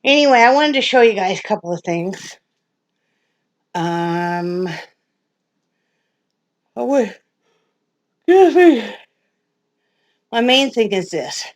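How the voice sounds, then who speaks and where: An older woman from Wyoming chats to camera at home, rambling and emotional with frequent laughs. She talks slowly and unhurriedly, and the sound is close and dry with no room echo. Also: medium pitch, lively intonation. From Wyoming, USA. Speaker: vlogger. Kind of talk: casual chat to camera.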